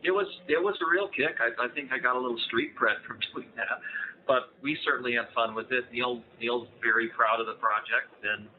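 A man's voice: medium pitch, a little fast. An American man in his fifties speaks as a guest author in a casual interview. He is enthusiastic and rambling, and he often restarts his phrases. His voice comes through a thin, phone-like line with faint hiss. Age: 50s. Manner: enthusiastic, chatty, many restarts. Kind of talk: casual interview over a call.

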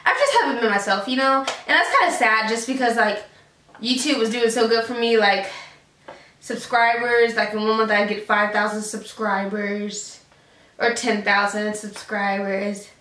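A woman's voice: fairly high pitch, normal speed, fairly bright tone. A young woman vlogging casually to camera, rambling with lots of fillers and slang. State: out of breath. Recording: echoey room, far from mic.

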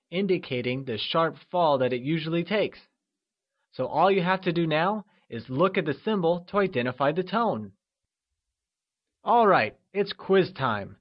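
Male narrator for a recorded language lesson, slow and encouraging, slightly dull lo-fi sound. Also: fairly high pitch. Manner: upbeat, encouraging, with slow, drawn-out modeled syllables. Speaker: language teacher.

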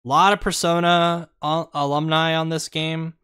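Measured man running through a list. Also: a little high, flat delivery, bright, forceful tone, clear, resonant tone. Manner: measured, plain-spoken with stammered restarts. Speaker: podcast co-host.

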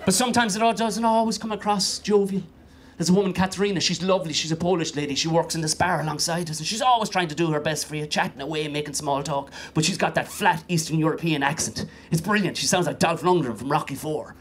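A man's voice: on the high side, fast, fairly bright tone, a little hiss or hum. A young Irish man doing a stand-up comedy set. He talks with energy, swears freely and acts out the voices of the people in his stories. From Ireland.

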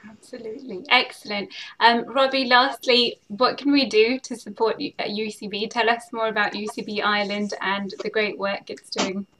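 A woman hosting a livestream interview over a video call, who affirms her guest often and speaks warmly. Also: medium pitch, little pitch movement, normal speed, few pauses, rough recording. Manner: warm, affirming listener with frequent agreements. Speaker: host.

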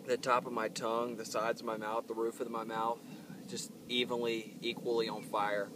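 A man's voice: medium pitch, little pitch movement, moderate pace, background noise. A man hosting his own channel, talking casually and earnestly to camera outdoors while in pain from pepper heat. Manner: earnest, rambling, with fillers. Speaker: channel host reviewing hot peppers. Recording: distant mic with faint outdoor ambience.

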